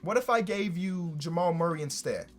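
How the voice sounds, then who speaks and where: Excitable young man commentating gameplay. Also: high-pitched, moderate pace, faint music behind. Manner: excitable, shouts when thrilled, casual slang. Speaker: gaming YouTuber.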